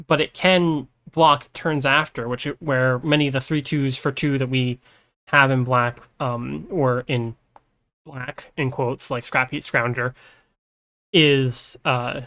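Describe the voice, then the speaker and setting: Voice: medium pitch, a bit bright. A podcast co-host who works through the details of a card with many hesitations. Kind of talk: casual card review chat.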